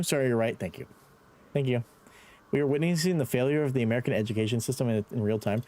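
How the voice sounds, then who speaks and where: Lively Irish man streaming a game. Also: medium pitch, normal speed, long pauses. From Ireland. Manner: playful, swears, laughs, talks to chat. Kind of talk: live gaming stream chat.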